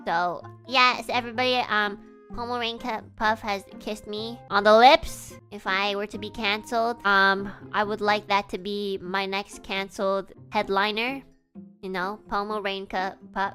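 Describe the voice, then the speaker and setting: A woman's voice: medium pitch, steady tone, measured pace, a bit bright, faint music behind. A young woman streamer telling a story to her chat in a casual, giggly way, full of "like" and "you know".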